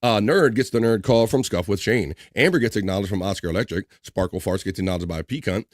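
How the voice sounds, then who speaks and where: A man's voice: lowish voice, fast, dry recording, studio quality. A man hosting a live stream, casually reading out chat messages with loose slang and frequent laughter. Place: home streaming setup.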